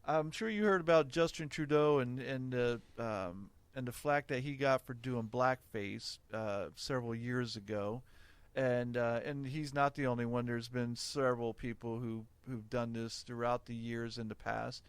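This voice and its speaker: A man's voice: mid-range voice, normal speed, smooth, no echo. A middle-aged man hosting a podcast, talking frankly and opinionatedly in casual chat, laughing often. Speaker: podcast host.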